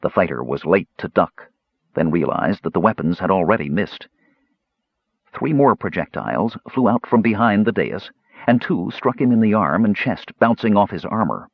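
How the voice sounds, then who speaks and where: A man reading scripted fantasy narration for an audiobook in a steady, measured way. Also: low-pitched, gravelly, slightly rough, dry recording. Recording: dull lo-fi dry audio.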